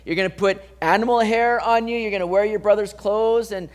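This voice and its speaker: A man preaching a sermon, reading scripture and acting out the people in the story with lively commentary. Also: sits high, a little fast. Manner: animated, acts out voices of the people in the story. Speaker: pastor.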